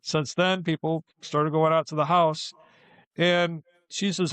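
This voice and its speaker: A man tells a local ghost story in a lively, casual way and acts out voices as he goes. His voice sits a little high for a man. The recording is dry and close. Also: slow, clean tone, dry recording. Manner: animated, acts out the people in his stories. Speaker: ghost tour guide.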